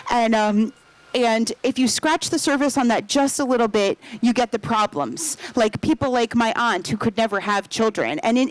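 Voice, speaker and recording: Woman author at a book festival, higher voice, dry close sound, animated storyteller. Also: no echo, low-quality recording.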